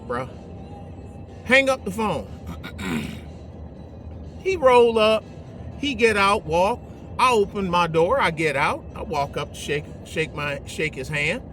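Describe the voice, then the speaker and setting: A man's voice: sits high, a bit bright. A man telling a story in casual, rambling talk from inside his truck, trailing off into fillers. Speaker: vlogger. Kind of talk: casual storytelling while driving.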